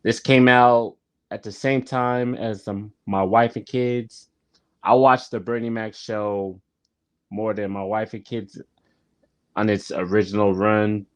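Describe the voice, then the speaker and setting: A YouTube host reviews a sitcom in a casual vlog, speaking straight to the camera in an unhurried way, often repeating his phrases and saying "like" a lot. His voice is fairly low, with fairly even intonation, and the recording is dry.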